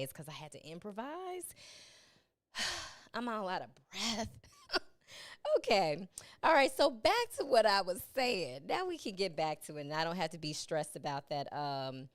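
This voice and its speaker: A woman's voice: fairly low pitch, clear, resonant tone, dry recording, clean studio sound. A middle-aged woman hosting a casual live podcast from home, chatting and laughing with her listeners as "y'all", speaking into a webcam. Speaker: podcast host. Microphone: webcam and earpiece.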